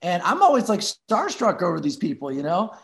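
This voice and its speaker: An animated man with a high voice tells a comic story. He laughs as he goes and acts out what the people in his story said. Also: brisk, gravelly. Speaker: guest, former show regular. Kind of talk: anecdote telling.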